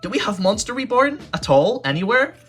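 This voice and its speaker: Excitable man with a bright, lively voice. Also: sits high, fairly quick, slightly rough, faint music behind. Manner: excitable, swings from grumbling to shouting and swearing. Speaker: YouTube card-opening host. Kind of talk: casual pack-opening commentary.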